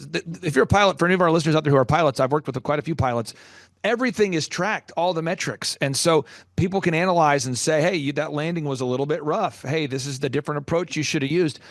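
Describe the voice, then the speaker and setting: A fairly high-pitched male host, a business coach, leads a podcast interview in a dry, clean studio recording. Energetic and emphatic, he dramatizes his stories by acting out the quoted voices of the people in them.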